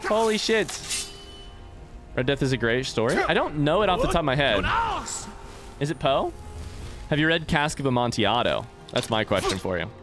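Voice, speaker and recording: A man's voice: medium pitch, sing-song, brisk, over music. A young man doing live gameplay commentary, rambling, joking and swearing as he chats to his viewers. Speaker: let's play streamer.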